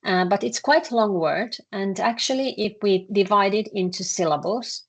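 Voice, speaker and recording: Creaky-voiced woman with a Finnish accent. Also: medium pitch. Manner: halting, many filler "uh"s, explains slowly and repeats words. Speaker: Finnish language teacher. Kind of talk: online language lesson.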